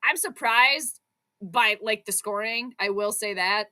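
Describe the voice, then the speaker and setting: A young adult woman hosting a live sports stream, reacting to the game in an excitable, exclamatory, chatty way. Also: mid-range voice, unhurried. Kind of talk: live play-by-play reaction commentary.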